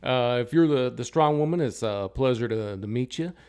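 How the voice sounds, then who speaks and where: A man's voice: medium pitch, moderate pace, darkish tone, smooth, natural voice. A man playing a blustery, folksy marshal. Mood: exasperated. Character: exasperated male US Marshal detective.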